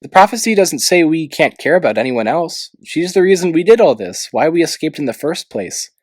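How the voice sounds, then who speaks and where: A man's voice: on the high side, big pitch swings, fairly quick, no room sound, voice pushed up. A man reading aloud, voicing a loyal, kind-hearted young male dragon in a pleading, emphatic way.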